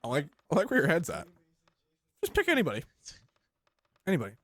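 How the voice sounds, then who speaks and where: A man with a fairly high, bright, forceful voice hosts a loose comedy podcast. He rambles through joking tangents and restarts, and the close mic sounds dry with no room around him. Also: wildly swooping pitch, fast talker, no room sound. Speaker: podcast host. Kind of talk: casual comedic chat.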